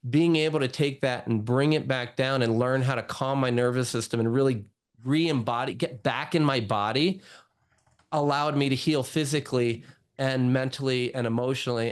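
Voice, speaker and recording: A man, a doctor, telling his own story in a casual interview, full of "like" and "you know". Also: mid-range voice. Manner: chatty, lots of "like" and "you know". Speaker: guest doctor.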